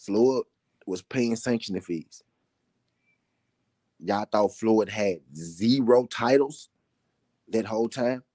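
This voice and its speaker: Deep dark-voiced man ranting about boxing. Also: slow, long pauses, no echo, clean studio sound. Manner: repetitive, emphatic, laughing between points. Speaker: boxing talk show host. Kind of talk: casual live commentary.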